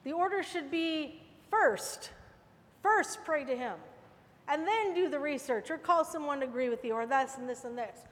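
A woman's voice: sits high, moderate pace, in a large hall. A middle-aged woman teaching a sermon to women, fervent, repeating phrases with rising force.

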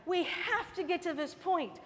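High voiced lady preaching, gets fired up repeating stuff, reverby room. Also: unhurried, bright, forceful tone. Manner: fervent, repeats phrases with rising force. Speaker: women's Bible teacher. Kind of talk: sermon.

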